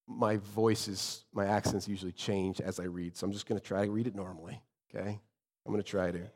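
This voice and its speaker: A man's voice: fairly low pitch, steady tone, brisk, creaky, husky. Earnest man preaching in an echoing church. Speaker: pastor. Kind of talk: sermon with scripture reading.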